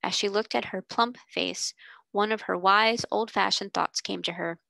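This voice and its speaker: A woman narrating a classic children's novel aloud in a measured storytelling manner. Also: mid-range voice, fairly even intonation, vocal fry, sharp tone, no echo, rough recording. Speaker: reader. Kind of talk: audiobook narration.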